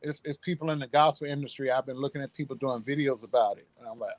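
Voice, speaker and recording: A man hosting a casual talk show, telling stories in an animated way and repeating himself as he goes. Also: a little high, fast talker, dry recording. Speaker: show host. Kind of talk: casual chat about current events.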